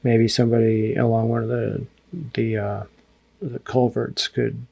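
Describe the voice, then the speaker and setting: An American man, a former army analyst, recalling combat in a sober interview, speaking haltingly with frequent restarts. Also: medium pitch, flat delivery, creaky, darkish tone, husky. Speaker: podcast guest, former army intelligence analyst. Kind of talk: reflective interview recollection.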